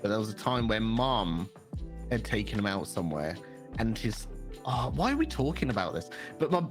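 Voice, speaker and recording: A man's voice: fairly low pitch, sing-song, normal speed, music in the background. A young man co-hosting a podcast, rambling through a story in casual chat and swearing freely. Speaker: podcast co-host.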